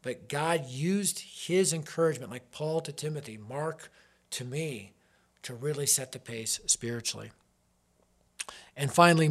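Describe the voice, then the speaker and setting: A man in his fifties, a youth ministry leader giving an earnest, emphatic devotional talk woven with personal stories. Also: on the high side.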